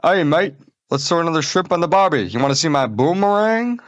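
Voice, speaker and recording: A man's voice: fairly high pitch, animated, brisk, dull audio, voice pushed up, natural voice. A man putting on an exaggerated put-on Australian accent as a jokey caricature of an Aussie bloke. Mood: mocking.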